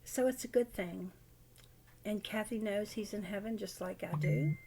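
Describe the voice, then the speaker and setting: An older widowed grandmother telling a personal story in a halting, rambling way in a casual vlog. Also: medium pitch, gravelly, mellow, husky.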